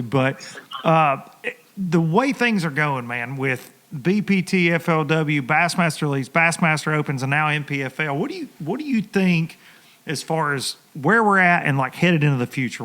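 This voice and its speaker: Tennessee guy hosting a podcast, kinda high voice, chatty and laughing a lot. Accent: Tennessee Southern. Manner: laughing, animated storyteller. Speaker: podcast host. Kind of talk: casual podcast chat.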